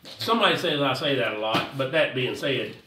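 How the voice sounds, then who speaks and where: A man's voice: medium pitch, animated, a little fast, bright, forceful tone, reverberant, recorded from a distance, slight background noise. A man giving a casual, rambling fishing how-to, repeating himself in a folksy way. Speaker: fishing vlogger.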